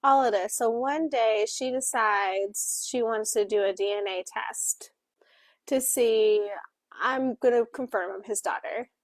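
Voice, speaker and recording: Book club co-host, woman; slightly high voice, unhurried, lots of "like" and "um", dry close sound. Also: no room sound. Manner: animated retelling with acted-out quotes, frequent fillers. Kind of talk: casual book club plot summary.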